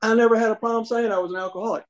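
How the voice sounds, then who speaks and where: A man tells his life story to a meeting audience. His voice sits a little above the usual male pitch. He talks in a folksy, humorous way and acts out the voices of the people he quotes. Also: fairly even intonation, very fast, low-quality recording. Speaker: speaker sharing his recovery story.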